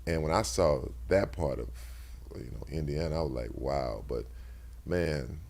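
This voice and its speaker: A man's voice: rumbling low, a little slow, gravelly, darkish tone, a little hiss or hum. A man in his sixties, a former football player, telling stories in a casual interview with lots of restarts and repeated words.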